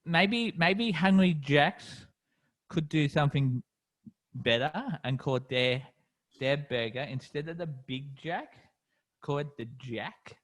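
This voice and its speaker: Easygoing Australian man, halting chat. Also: fairly high pitch, animated, fairly bright tone. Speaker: podcast co-host. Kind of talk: casual chat.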